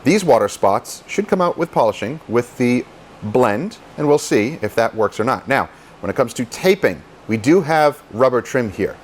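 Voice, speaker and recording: A man's voice: mid-range voice, lively intonation, normal speed, slight background noise. A man who details cars, explaining paint polishing in a casual, chatty how-to style and joking at his own expense. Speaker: car detailer teaching polishing.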